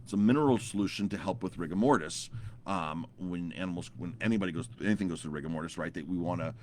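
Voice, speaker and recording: A deep-voiced man in his thirties, a chef, tells a long story to camera in a loose, rambling way. He often stumbles over repeated words and fillers as he goes. A faint hum of room sound sits behind him. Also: fast, a little mellow.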